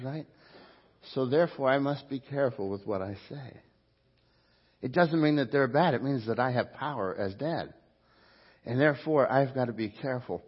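A middle-aged pastor preaching a sermon in church, swinging between loud, emphatic bursts and quiet asides. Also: male voice, medium pitch, lo-fi sound. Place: church sanctuary before a congregation.

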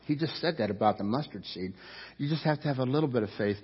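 A man preaching from a church pulpit, his voice somewhat husky and breathy. He builds emphatically, pushing harder on key lines and repeating phrases. The sound rings with a long reverb and the audio is a bit dull. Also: mid-range voice, animated, fast. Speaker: pastor. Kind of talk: sermon. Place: church sanctuary.

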